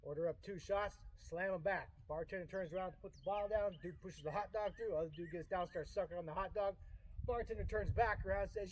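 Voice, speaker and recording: A man's voice: high voice, a little fast, no room sound. A man casually talking through a woodworking build at his workshop in a laid-back, rambling, self-deprecating way. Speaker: woodworker and channel host. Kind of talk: casual DIY build narration.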